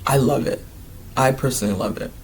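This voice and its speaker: A man of Ghanaian heritage chatting casually and excitably in a vlog, wandering from topic to topic. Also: medium pitch, a little fast, creaky, slight background noise. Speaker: vlogger.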